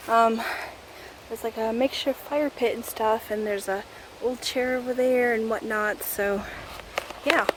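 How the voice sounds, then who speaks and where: Canadian woman, high voice, unhurried and winded, chatting to a handheld camera outdoors. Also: a bit bright. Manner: rambling, many fillers. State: out of breath. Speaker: vlogger. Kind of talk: casual vlog chat while hiking. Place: woods outdoors. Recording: faint outdoor background noise.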